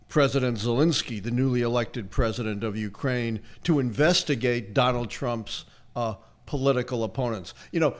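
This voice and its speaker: An older man with a Brooklyn accent, giving emphatic, lecturing political analysis on a livestream. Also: mid-range voice. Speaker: political historian guest answering questions.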